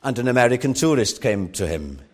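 A man's voice: medium pitch, big pitch swings, fairly quick. A man preaching a sermon at an evening church meeting, earnest and rising to fervent emphasis.

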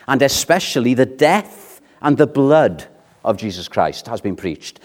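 Earnest preacher with a lively voice. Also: male voice, mid-range voice. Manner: earnest, asks the congregation rhetorical questions. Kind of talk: sermon. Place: church.

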